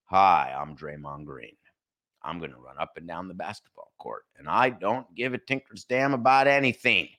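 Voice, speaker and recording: A man's voice: sits low, moderate pace, bright, forceful tone, voice pushed down. A man imitating a pro basketball player in a blunt, offhand way during a comic podcast bit. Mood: flat.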